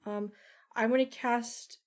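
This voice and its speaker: A woman playing a tabletop game, talking hesitantly with ums and pauses. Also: fairly high pitch, fairly even intonation. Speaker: player.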